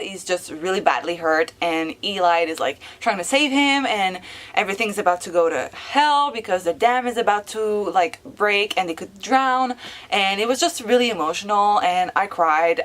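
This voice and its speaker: An excitable woman talks through a book she is reading in a casual vlog. She gushes, peppers every sentence with "like," and swears now and then. Her voice sits at an ordinary middle pitch. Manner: excitable, gushing, heavy use of "like" fillers. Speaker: book vlogger.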